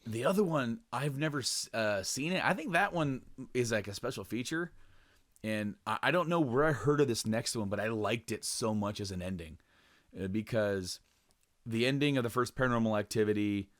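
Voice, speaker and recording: With a lowish, animated voice at normal speed, a young man co-hosts a podcast in casual chat. He wanders through his points with fillers and restarts, cusses openly, and acts out quoted lines in a raised voice.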